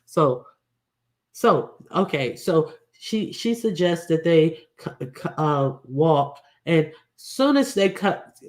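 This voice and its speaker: Casual commentary, slow delivery, halting, repeated restarts, blunt wording. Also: mid-range voice. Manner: halting, many restarts and fillers, blunt and profane. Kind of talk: casual spoken commentary recounting events.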